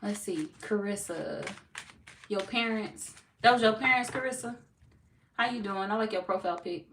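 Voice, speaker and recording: A woman's voice: medium pitch, moderate pace, fairly bright tone. Blunt, playful woman on an echoey livestream. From Missouri. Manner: blunt, playful, swears freely, laughs often. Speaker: tarot reader hosting a livestream. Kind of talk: casual livestream chat reading viewer comments. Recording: echoey room, far from mic, noisy.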